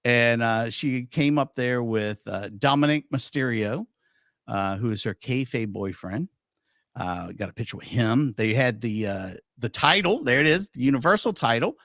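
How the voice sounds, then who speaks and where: A man's voice: mid-range voice, expressive, moderate pace, fairly bright tone, dry recording, studio quality. A man hosting a podcast, chatting casually and telling anecdotes with lots of quoted dialogue. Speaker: podcast host. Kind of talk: casual chat storytelling.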